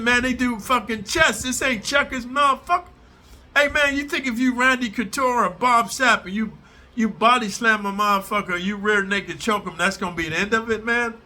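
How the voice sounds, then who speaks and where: A man's voice: sits high, pushed and bright. Fiery, profane male ranter. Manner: aggressive, profane, confrontational. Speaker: prison storyteller channel host. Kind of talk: profane direct-to-camera rant.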